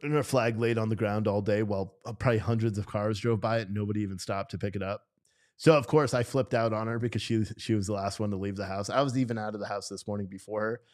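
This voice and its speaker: A man's voice: lowish voice, steady tone, fast talker, darkish tone. A man hosting a casual livestream, ranting at chat comments with heavy swearing and laughing at himself. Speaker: livestream host reading chat. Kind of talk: casual unscripted livestream talk.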